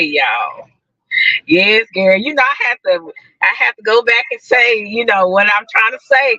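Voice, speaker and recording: A woman's voice: a little high, expressive, normal speed, pushed and bright, no echo, lo-fi sound. A woman live-streaming casual chat to her viewers from a parked car, talking freely, repeating herself and laughing often. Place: parked car outside a building.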